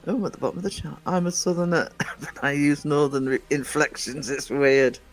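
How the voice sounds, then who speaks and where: A man's voice: a little high, steady tone, normal speed, faint music behind, low-quality recording. A middle-aged man from northern England, hosting a livestream and chatting casually with a rambling, laughing manner while reading the chat. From England, born in Nottingham, raised in Northumberland. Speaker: livestream host.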